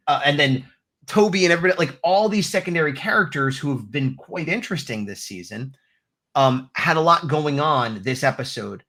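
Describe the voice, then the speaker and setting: A man co-hosting a casual review podcast, talking in an animated, rambling way with frequent restarts. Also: medium pitch. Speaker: podcast co-host reviewing episodes. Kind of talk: casual chat.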